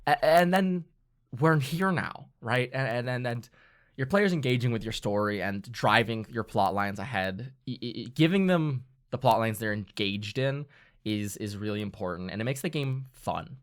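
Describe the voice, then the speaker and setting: Animated man talking tabletop games. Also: medium pitch, moderate pace. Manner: excitable, animated, breaks into quoted voices. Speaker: dungeon master and podcast host. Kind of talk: casual chat about tabletop gaming.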